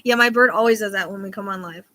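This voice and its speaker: Bright-voiced rambling woman livestreaming. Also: medium pitch, fast talker. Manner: rambling, often loses her train of thought; laughs easily between thoughts. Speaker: psychic livestream host. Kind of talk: casual live-stream chat.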